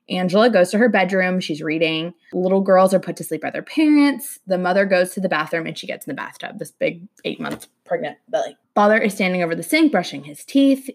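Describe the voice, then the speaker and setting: A young woman hosting a podcast, telling a true crime story in casual chat, acting out the quoted lines and saying "like" a lot. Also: lowish voice. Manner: animated, acts out quoted lines, lots of "like".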